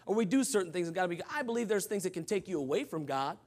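A man preaching with a very high voice. He drops into quiet, low asides and then climbs back up into loud shouting at his peaks, the way a revival preacher works a congregation. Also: animated, fast. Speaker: pastor. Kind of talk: sermon.

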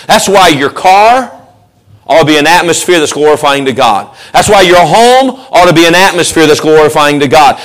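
A man preaching a sermon in church, animated, acting out quoted voices and joking with the congregation. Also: fairly high pitch. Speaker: pastor. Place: church sanctuary.

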